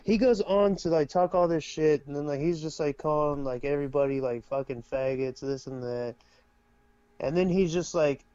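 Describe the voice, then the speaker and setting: A man's voice: on the high side, moderate pace, mellow, clear, resonant tone, dry recording, highs cut off. A man co-hosting a podcast, rambling and swearing as he retells a story in casual crude chat. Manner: rambling, profane, retells with mimicked quotes. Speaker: podcast co-host.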